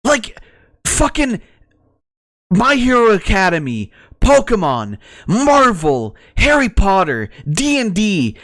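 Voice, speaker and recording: A man's voice: high voice, huge pitch swings, takes it slowly, a bit bright, no room sound, clean studio sound. A male streamer reacting to a video, ranting profanely and laughing often.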